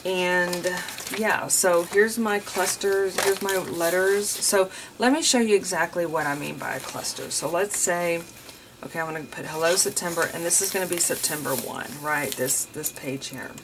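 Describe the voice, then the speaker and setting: A woman's voice: on the low side, normal speed, noisy background. A woman chatting casually to viewers while setting up her journal, rambling and often saying "you guys". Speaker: journaling vlogger. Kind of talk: casual chatty crafting tutorial.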